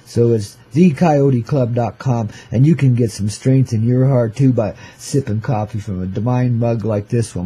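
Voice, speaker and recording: With a mellow, medium-pitched voice carrying a breathy edge, an older show host rambles easily through a rhyming monologue full of hip slang. He chuckles between lines and addresses his audience as "man" and "babies."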